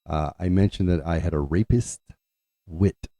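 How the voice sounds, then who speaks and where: A man telling a long personal story in a casual, rambling way, often restarting and clearing his throat. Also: low-pitched, a little fast, mellow, dry recording. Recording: dull lo-fi sound.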